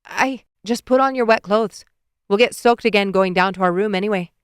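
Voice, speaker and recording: A woman's voice: medium pitch, normal speed, smooth, dry recording, studio quality, close to an everyday voice. A woman voicing a secretive woman herbalist who snaps when cornered and then apologizes, in an audiobook. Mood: apologetic.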